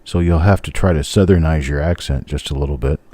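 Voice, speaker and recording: Deep, mellow-voiced older American man. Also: fairly quick, dry recording. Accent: general American. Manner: rambling, easygoing, chuckles often. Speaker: host of a live coin roll hunt stream. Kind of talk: casual live-stream chat answering viewers.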